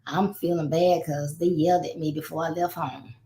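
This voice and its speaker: A woman's voice: sits low, little pitch movement, moderate pace, warm tone, a little hiss or hum. A woman life coach hosting a live parenting advice talk, speaking conversationally and acting out exchanges between parents and children. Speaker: life coach and show host. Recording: roomy echo.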